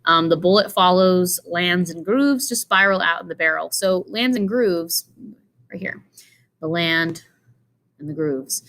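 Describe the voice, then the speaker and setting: Woman lecturer, lowish voice, casual, filler-heavy, pointing at slides. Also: measured pace, fairly bright tone. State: tired, yawning. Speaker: teacher.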